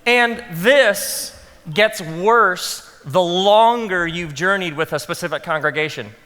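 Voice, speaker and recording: A man speaking to a room of pastors, telling funny stories from his own work and acting out his inner thoughts in a hushed voice. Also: sits high, slow pace, clean tone. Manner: animated storytelling, acts out quoted inner thoughts in hushed tones. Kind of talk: conference talk with humorous stories. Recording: long hall reverb.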